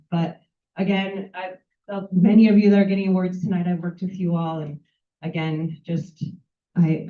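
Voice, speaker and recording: A woman in her thirties, close to tears, gives a halting impromptu farewell speech at an event. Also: lowish voice. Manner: halting, full of fillers and restarts. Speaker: nonprofit fundraising staff member. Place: event room with audience. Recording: echoey, distant, tinny phone-like sound.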